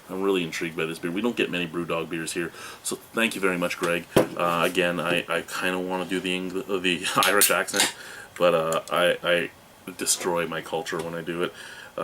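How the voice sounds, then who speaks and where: A man's voice: deep voice, pushed and bright, a little hiss or hum. A man in his thirties hosting a beer review from a home room, rambling in a jokey, self-mocking way. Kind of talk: casual video review. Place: home room with cartoon toys behind him.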